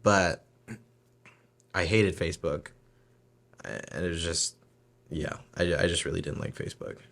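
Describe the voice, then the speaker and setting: A man's voice: deep voice, measured pace, vocal fry, a bit bright. A man co-hosting a podcast in casual chat, eager and easygoing, rambling a bit as he talks. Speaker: podcast co-host.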